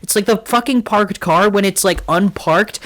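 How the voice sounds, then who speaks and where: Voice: mid-range voice, moderate pace, a bit bright. A podcast co-host in casual film-review chat, ranting in anger with heavy swearing and constant filler words.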